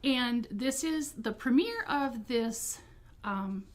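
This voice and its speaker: A woman's voice: on the high side, expressive, slow. A middle-aged woman co-hosting a quilt shop video, chatting enthusiastically about fabrics with frequent ums. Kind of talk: casual product presentation.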